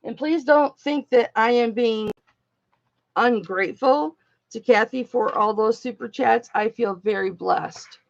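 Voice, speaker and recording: A woman's voice: on the high side, unhurried, gravelly, highs cut off. A woman hosting a jewelry auction livestream, chatting casually and affectionately with viewers and calling them honey and baby.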